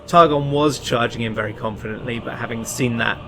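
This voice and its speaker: A man playing a tabletop fantasy game, narrating his character's actions in a hesitant, halting way. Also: mid-range voice, noisy background. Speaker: player. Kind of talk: tabletop role-play narration.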